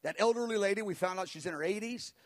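A man voicing a prophet who speaks in hushed, urgent tones. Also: high-pitched, fast, natural voice. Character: grown man, a prophet whispering on stage.

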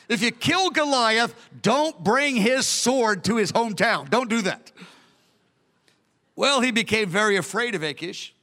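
A man preaching a sermon, telling the story lively and acting out its scenes. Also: very high voice, unhurried. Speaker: pastor.

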